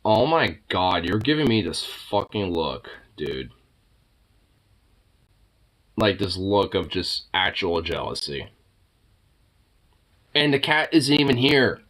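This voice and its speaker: A man talks to his pets at home in a casual, swear-laden, teasing way. He sounds fond underneath the insults and slips into soft baby talk. His pitch swings widely from line to line. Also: sing-song, slow, long pauses. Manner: playful teasing with frequent swearing. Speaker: pet owner talking to his cats.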